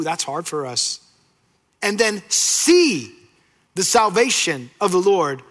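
A man preaching a sermon, swinging from loud, animated retellings to hushed, slow emphasis. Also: high voice. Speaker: pastor.

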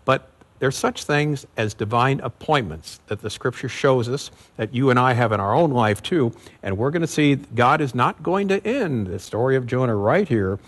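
A man preaching in an easygoing, conversational teaching style, his voice sitting in an ordinary middle pitch. He pauses on fillers now and then and drives points home by repeating key words. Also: lively intonation. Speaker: pastor. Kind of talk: expository sermon.

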